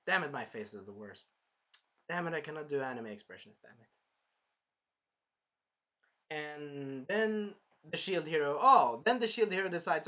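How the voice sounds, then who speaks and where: A man excitedly recapping an anime episode on camera, swearing, apologizing and acting out the scenes. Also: a little high, moderate pace, long pauses. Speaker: anime reviewer.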